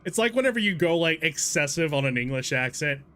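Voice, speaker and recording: A man live-streaming a horror game, chatting in a rambling, self-deprecating way and breaking into yelling and swearing at the game. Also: on the high side, lively intonation, a little fast. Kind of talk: casual live gameplay commentary.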